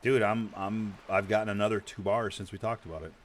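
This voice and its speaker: Deep-voiced stammering gamer guy. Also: fairly even intonation, brisk. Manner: rambling, stammers and repeats words, swears casually. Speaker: streamer playing an online game. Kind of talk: casual gaming chat.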